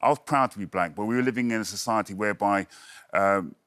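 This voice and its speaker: A man's voice: fairly low pitch, fast talker, fairly bright tone, smooth, no room sound. A middle-aged man from Britain, a guest in a TV studio interview, talking in a chatty way with many fillers and hesitations. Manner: jokey, lots of filler words, puts on voices. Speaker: quiz show regular, guest.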